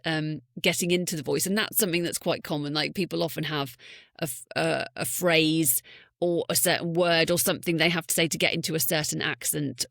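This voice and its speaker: A woman voice actor with a neutral southern English accent, talking in a lively casual podcast chat and laughing often. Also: low voice, creaky, dry recording, studio quality. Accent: southern English, received pronunciation. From Scotland. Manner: chatty, enthusiastic, laughs often. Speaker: voice actor and audiobook narrator.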